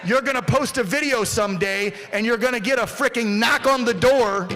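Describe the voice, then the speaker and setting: Brash high-voiced male rally speaker. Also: normal speed, slight background noise. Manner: brash, profane, shouting to a crowd. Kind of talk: fired-up rally speech.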